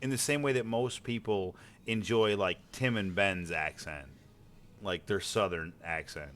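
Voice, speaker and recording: A man's voice: low voice, a little slow, a bit bright. An American man streaming a game, chatting casually, rambling with repeated words and cursing freely. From United States. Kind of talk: casual gaming chat.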